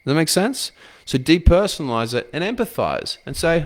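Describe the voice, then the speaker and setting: A man's voice: a little high, very animated, moderate pace. A man coaching other men with blunt, profane advice, firing off rhetorical questions. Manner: blunt, swears freely, asks rhetorical questions. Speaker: men's coach. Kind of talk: motivational advice talk to camera.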